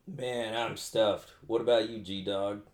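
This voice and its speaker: A woman doing a very deep, stoned slacker Hansel. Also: steady tone, takes it slowly, a little mellow. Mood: sluggish. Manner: drowsy slacker slang, lazy drawl. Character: stoned, laid-back boy Hansel, crude slacker. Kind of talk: comedic parody storytelling.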